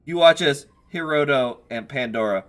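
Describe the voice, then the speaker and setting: A man's voice: medium pitch, moderate pace, a bit bright. A man running a tabletop role-playing game as game master, narrating the scene and speaking for the characters.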